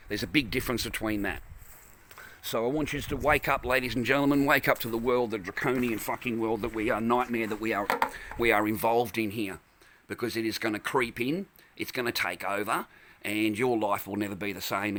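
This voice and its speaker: A man's voice: on the low side, fairly even intonation, a little fast, background noise. An Australian man ranting angrily in a vlog from his car, profane and repetitive. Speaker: vlogger. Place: in a parked car.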